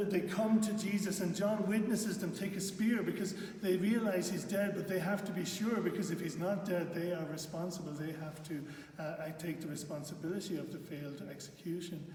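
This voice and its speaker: Guy retelling a bible story, kinda high voice, slow and earnest, stumbles and repeats words, echoey room. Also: darkish tone. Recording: echoey hall from far off.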